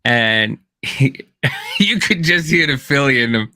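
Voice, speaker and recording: A man's voice: medium pitch, animated, slow, pushed and bright, no room sound. A man co-hosting a podcast, telling rambling stories in casual chat, full of restarts and fillers. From Kansas. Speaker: podcast co-host.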